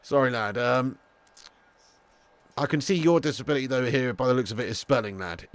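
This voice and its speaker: A man hosting a live football watch-along, chatting casually to viewers, swearing freely, and getting loud when calling goals. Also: medium pitch, normal speed, no echo. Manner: casual, laddish, swears freely, calls viewers mate and lad. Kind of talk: live streamed football commentary and chat.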